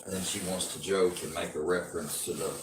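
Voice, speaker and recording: A man's voice: low-pitched, steady tone, quick pace, roomy sound, very noisy. A man, ranting angrily and with lots of profanity during a livestream. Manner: angry, profane, rambling rant.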